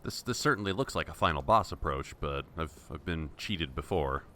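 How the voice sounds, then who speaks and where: A man's voice: a bass voice, animated, normal speed, sharp tone, slight background noise. A man giving casual, sarcastic running commentary while playing a video game, talking back to the enemies on screen. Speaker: let's-play host.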